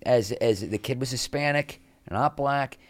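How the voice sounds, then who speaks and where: A man's voice: mid-range voice, unhurried, dry recording. A man as an interview guest, telling candid backstage stories in a rambling way and jumping into raised voices to act out the people he quotes. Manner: rambling, frequent restarts. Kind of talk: candid anecdotal storytelling.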